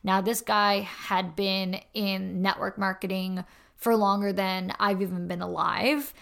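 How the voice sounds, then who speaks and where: A woman's voice: mid-range voice, vocal fry, fairly bright tone. A young woman hosting her own podcast, telling a personal story in a chatty, casual way, often filling in with "like" and "honestly.". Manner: chatty, peppers speech with "like" and "honestly". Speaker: podcast host.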